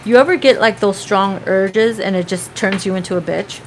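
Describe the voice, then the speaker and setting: A woman's voice: medium pitch, normal speed, very noisy. A woman giving a casual tarot reading, chatty and profane, now and then breaking into snatches of song. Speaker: tarot reader.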